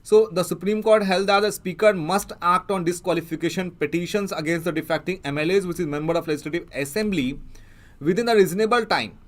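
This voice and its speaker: A man with an Indian English accent teaching an exam prep lesson, explaining as he goes and pausing often with fillers and restarts. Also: high-pitched. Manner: halting, many fillers and restarts. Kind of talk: newspaper analysis lecture.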